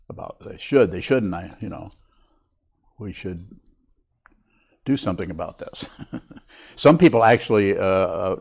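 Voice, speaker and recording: An older man, a Buddhist teacher, giving a reflective, unhurried dharma talk to a meditation group. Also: low-pitched, creaky.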